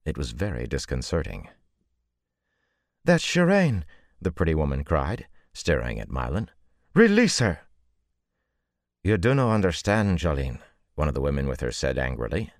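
Male audiobook narrator, extremely deep voice, dry studio read. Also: no room sound. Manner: measured, deep-voiced reading with voiced characters. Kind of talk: scripted narration.

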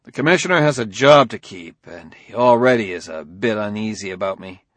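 An actor playing a tense, hunted police detective who reasons out loud urgently and anxiously in an audiobook. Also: male voice, on the low side, expressive, fairly quick, dry recording. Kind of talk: audiobook dialogue reading.

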